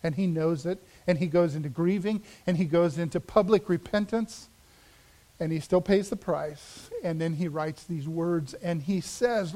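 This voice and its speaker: A man preaching a sermon as pastor, dramatic in delivery, dropping to a hush for emphasis and rising again. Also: on the high side, unhurried. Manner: dramatic, drops to a hush for emphasis then rises.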